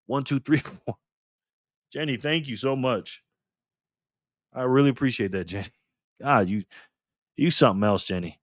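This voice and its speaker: A man's voice: medium pitch, normal speed, pauses often, dry recording, studio quality. An older man hosting a livestream alone at his desk, upbeat as he greets viewers by name and thanks them for donations. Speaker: livestream host. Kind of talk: casual livestream chat, reading donations. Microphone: desk mic facing a camera.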